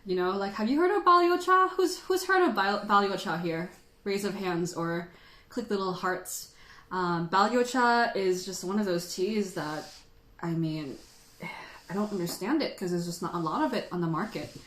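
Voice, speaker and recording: A woman's voice: medium pitch, expressive, normal speed, a bit bright. A woman hosting a casual livestream who chats in a rambling way and laughs often. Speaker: tea livestream host. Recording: roomy echo.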